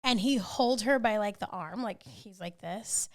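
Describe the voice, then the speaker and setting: A woman co-hosting a podcast, telling stories in a casual, animated way and swearing freely. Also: mid-range voice, unhurried. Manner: animated storytelling, swearing, laughing often. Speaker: podcast co-host. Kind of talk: casual chat.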